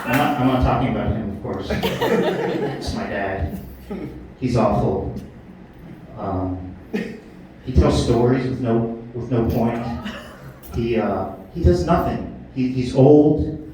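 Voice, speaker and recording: A middle-aged man doing a stand-up set at a comedy club, blunt and profane, yelling out his put-on rants. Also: medium pitch, sing-song, slow, long pauses. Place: comedy club stage with audience laughter. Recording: echoey club from a distant mic, noisy.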